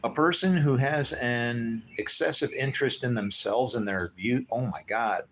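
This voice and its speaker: Guy, mid pitch, fiery profane preacher-style livestream host. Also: normal speed, hardly any pauses, fairly bright tone, slight background noise. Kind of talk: livestream rant.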